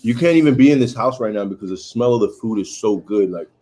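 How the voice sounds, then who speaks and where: A man's voice: on the low side, expressive, quick pace, mellow. Chatty man hosting a food livestream. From Haiti. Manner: chatty, reads viewer comments aloud. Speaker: livestream host. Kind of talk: casual livestream chat.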